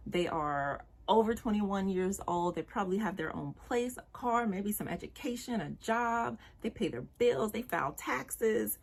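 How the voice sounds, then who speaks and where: A young woman vlogger giving blunt, exasperated commentary about dating, with slang and profanity. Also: mid-range voice. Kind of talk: direct-to-camera commentary.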